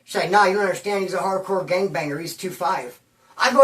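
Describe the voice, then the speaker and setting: A man's voice: sits high, fast, fairly bright tone, echoey room, far from the mic. A man telling a rambling story in heavy street slang, acting out the voices of the people in it. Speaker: storyteller recounting prison-life stories. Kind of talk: casual storytelling monologue.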